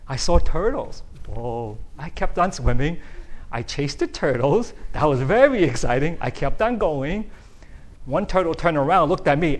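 Pastor guy, middle-aged, chatty sermon, keeps asking "all right?", voice sits a bit high. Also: sing-song, unhurried. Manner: conversational, storytelling, keeps checking in with the audience.

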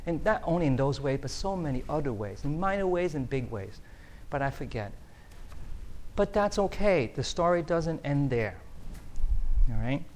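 A man's voice: on the high side, expressive, moderate pace, darkish tone, slight background noise. A middle-aged man, preaching a conversational sermon that keeps checking in with the audience. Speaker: pastor.

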